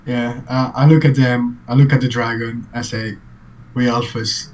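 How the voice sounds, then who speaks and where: A man's voice: medium pitch, level tone, moderate pace, a little mellow, low-quality recording. A man taking part as a player in a tabletop game, speaking in short, blunt replies. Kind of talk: casual chat.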